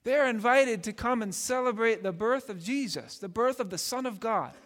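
High-voiced man preaching in a reverberant hall. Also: normal speed, a bit bright. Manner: conversational, repeats words, frequent tag "right?". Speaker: pastor. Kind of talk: sermon.

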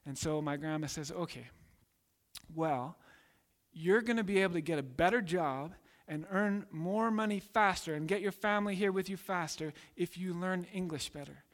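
Male preacher, emphatic sermon delivery, higher register, long reverb. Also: normal speed. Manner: emphatic, acts out voices in quotes.

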